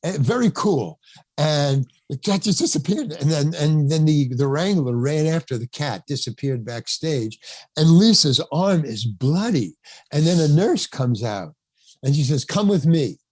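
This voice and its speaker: A man's voice: a little high, lively intonation, a little slow, darkish tone, slightly rough, no room sound. Older man telling a rambling story, dry sound. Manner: rambling storyteller, acts out quotes, laughs often, swears. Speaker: actor guest. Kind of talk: anecdote in podcast interview.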